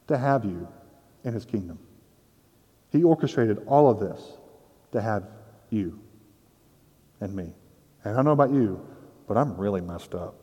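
A man's voice: a little high, darkish tone. Casual, candid man preaching in a hall. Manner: conversational, self-deprecating, acts out quoted voices. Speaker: pastor. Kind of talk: sermon.

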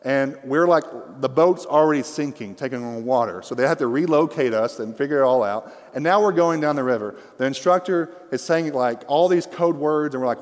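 Young man, preacher, animated funny storyteller, hall reverb, mic. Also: mid-range voice, fairly quick. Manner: animated, humorous storytelling with rising excitement. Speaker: pastor. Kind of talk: sermon with storytelling. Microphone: microphone.

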